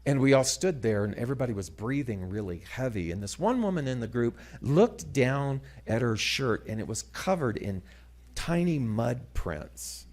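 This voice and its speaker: A middle-aged man giving a sermon-style talk, telling a story dramatically and moving between loud passages and hushed ones. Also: medium pitch, sing-song, moderate pace. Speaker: guest speaker.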